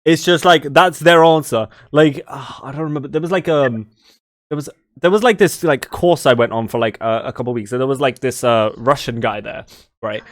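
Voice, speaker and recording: A man's voice: mid-range voice, a little fast, no echo, studio quality. A British man co-hosting a podcast in casual chat, telling stories with laughs and acted-out voices. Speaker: podcast co-host.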